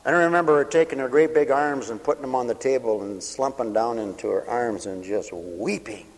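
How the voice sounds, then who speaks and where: A man preaching a radio sermon with passion, swelling loud on scripture and dropping low to tell stories. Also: brisk. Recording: long hall reverb.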